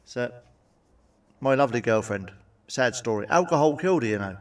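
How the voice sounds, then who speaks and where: Male stand-up comic, mid-pitched, blunt and sweary, mic set back a little. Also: expressive, normal speed, distant mic. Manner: blunt, sweary, cheeky jokes with tag questions. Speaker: stand-up comedian. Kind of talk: stand-up joke monologue.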